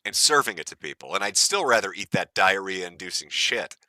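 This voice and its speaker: A man's voice: low-pitched, big pitch swings, brisk, bright, forceful tone, dry recording, studio quality. A man from the United States hosting a live stream, ranting in a profane, mocking and gleeful way. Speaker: stream host.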